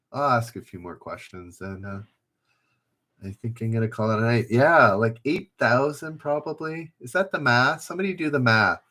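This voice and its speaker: Casual man hosting a live trivia stream; bright voice, rambling, talks to his viewers. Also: mid-range voice. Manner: rambling, thinks aloud, chatty with viewers. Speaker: trivia livestream host. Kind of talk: casual livestream chat.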